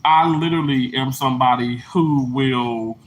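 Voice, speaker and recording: A man streaming live to his viewers in casual, earnest chat, rambling with restarts and soft laughs. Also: mid-range voice, normal speed, slight background noise, poor audio. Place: indoors under lights at daybreak.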